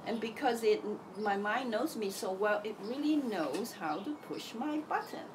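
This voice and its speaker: Brief: middle-aged woman, higher voice, very animated delivery, acts out her inner voices, audible noise and birds behind. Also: unhurried. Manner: acts out voices in her head, lively and candid. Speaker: self-help teacher. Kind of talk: casual reflective monologue.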